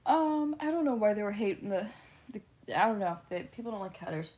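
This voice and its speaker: A woman's voice: mid-range voice, expressive, brisk, darkish tone. A young woman streaming live, reading out viewer comments and replying in a teasing way, laughing a lot. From Canada. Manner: giggly, teasing, often laughing between lines. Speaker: livestreamer.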